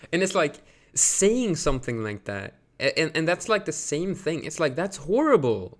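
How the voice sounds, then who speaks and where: Pitched on the high side with big swings, this Swedish man speaks a little slowly and leaves long pauses. Ranting on a live stream, he's rambling and indignant, full of fillers, and gets louder in bursts of outrage.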